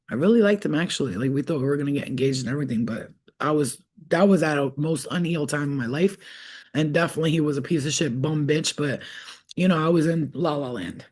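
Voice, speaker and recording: A woman giving a casual tarot reading to her viewers, blunt and profane, telling animated stories. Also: deep voice, breathy edge. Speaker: tarot reader. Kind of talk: casual spiritual talk to viewers.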